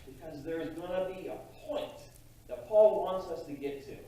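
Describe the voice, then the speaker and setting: Male pastor, sermon, conversational with restarts, raised pitch, distant mic, roomy church echo. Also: warm tone. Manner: conversational, halting preaching with frequent restarts. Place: church sanctuary.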